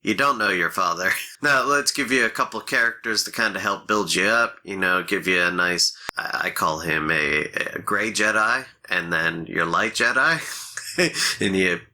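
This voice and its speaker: A man's voice: low-pitched, normal speed, pushed and bright. A man co-hosting a podcast, retelling a story in casual chat and laughing between phrases. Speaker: podcast co-host.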